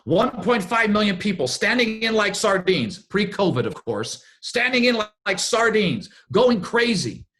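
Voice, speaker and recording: A man coaching a business team, giving a motivational talk and telling stories in an animated way. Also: sits high, unhurried, few pauses. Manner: animated storyteller, acts out what others said.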